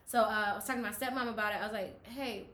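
A woman's voice: mid-range voice, rapid-fire, roomy sound, a little hiss or hum. A woman co-hosting a podcast, telling stories and acting out the voices of others. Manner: animated storyteller who acts out quoted voices. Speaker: podcast co-host. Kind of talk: casual chat.

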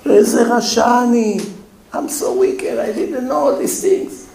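A man voicing a young secular man weeping in remorse, high, choked and pleading. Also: steady tone, measured pace, echoey room, slight background noise, poor audio. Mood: remorseful.

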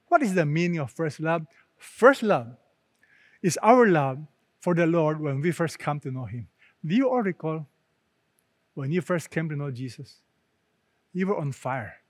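A man delivers a sermon in a fairly high voice, pressing hard on key words and then letting his phrases fall away soft and low. The sound is dry and close, with no room around it. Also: animated, moderate pace, no echo. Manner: emphatic preaching, drops to soft low tones to close phrases. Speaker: pastor.

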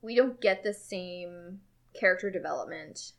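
A woman's voice: fairly low pitch, unhurried. A woman co-hosting a casual chat about a book and its film, talking freely and animatedly and swearing now and then. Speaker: podcast co-host.

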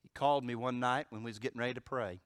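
A man preaching a sermon as pastor, moving from loud emphatic declarations to hushed storytelling. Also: medium pitch, fairly even intonation, very fast, clear, resonant tone, no room sound, clean studio sound.

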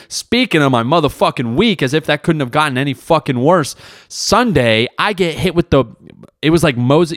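A man's voice: mid-range voice, no echo, clean studio sound. A young man hosting a solo podcast, talking in a rambling, profane, self-mocking way. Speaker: podcast host. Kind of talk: casual solo podcast monologue.

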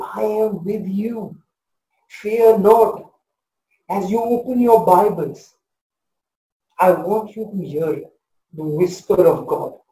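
Man, 40s, from India, pastor; high mellow voice, dynamic sermon delivery, echoey room. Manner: passionate, swings between loud proclamation and soft hush.

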